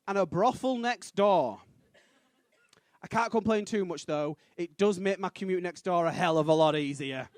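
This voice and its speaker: Young stand-up, high bouncy voice, dry close mic, punchy delivery. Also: male voice, dry recording. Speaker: stand-up comedian. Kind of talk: stand-up set. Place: comedy club stage.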